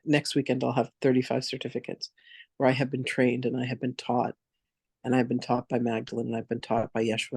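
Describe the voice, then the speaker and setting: A man teaching a spiritual masterclass in a gravelly, husky voice. He talks earnestly and flatly, listing things one after another with little rise or fall. The sound is close and dry. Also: medium pitch, no room sound. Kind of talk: online masterclass talk.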